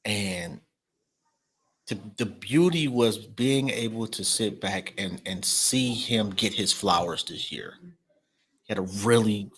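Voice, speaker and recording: A man's voice: lowish voice, takes it slowly, fairly bright tone, husky. A middle-aged man hosting a casual podcast, laid-back and slangy, with bursts of laughter. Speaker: podcast host.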